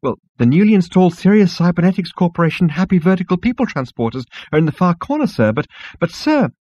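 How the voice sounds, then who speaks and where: Shrill, flouncing insect desk clerk; icy and snippy, swoops high in a dry room. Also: male voice, big pitch swings, fast, a little mellow, dry recording, dull audio. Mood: flustered. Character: prissy, touchy insect receptionist with tentacles.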